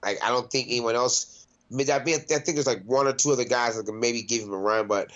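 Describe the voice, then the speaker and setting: A man's voice: medium pitch, quick pace, fairly bright tone, highs cut off. A man, a mixed martial arts fighter, chatting casually in an interview, loose and profane with lots of laughs and restarts. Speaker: MMA fighter, interview guest.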